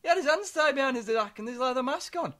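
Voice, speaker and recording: A man on a comedy podcast, rambling through deadpan anecdotes with stammered restarts. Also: very high voice, fast. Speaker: podcast co-host. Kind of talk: comic storytelling chat.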